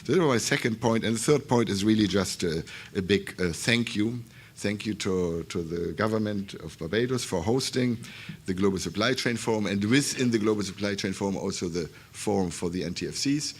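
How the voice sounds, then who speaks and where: A man moderating a conference panel, polite and a little halting as he thanks the hosts. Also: lowish voice, breathy edge.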